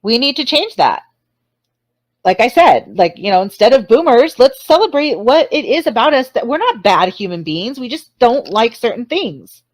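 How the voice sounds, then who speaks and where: A woman's voice: on the high side, sing-song, moderate pace, no echo. A woman hosting a casual livestream chat, rambling and laughing often between apologetic asides. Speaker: livestream host.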